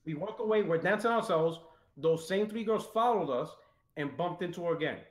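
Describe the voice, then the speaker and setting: A man telling rowdy stories in a casual chat, animated and swearing, raising his voice when quoting people. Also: fairly high pitch, a little fast, roomy sound. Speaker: podcast guest telling stories. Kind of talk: casual storytelling.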